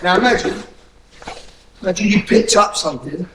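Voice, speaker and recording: A man coaching a self-defence class, his voice sitting a little high for a man. He is blunt and profane and barks drill commands. The sound comes from some way off the mic, in an echoey room with a faint hiss behind it. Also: expressive, unhurried, distant mic. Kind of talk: hands-on class instruction.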